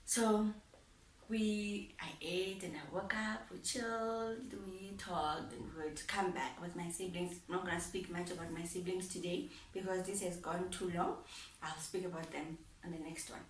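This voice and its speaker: A woman's voice: fairly low pitch, steady tone, normal speed, slight background noise. A young woman vlogger telling a personal story in a heartfelt way, repeating phrases and laughing often. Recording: roomy sound, mic at a distance.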